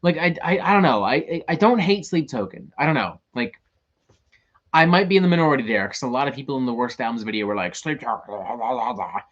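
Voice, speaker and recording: A man's voice: mid-range voice, sing-song, quick pace, fairly bright tone, lo-fi sound. A man hosting a show, ranting in casual talk, profane and exasperated. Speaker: host.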